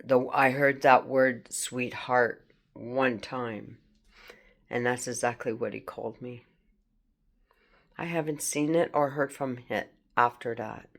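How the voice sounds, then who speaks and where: Slow, halting woman. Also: rumbling low, fairly even intonation. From France. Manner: halting, rambling, confronting unseen hackers. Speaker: vlogger. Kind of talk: personal video monologue.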